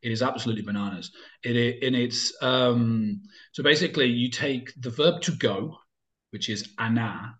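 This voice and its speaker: A man's voice: mid-range voice, normal speed, a bit bright. A man chatting casually as an interview guest, talking in loose, rambling sentences full of fillers and restarts.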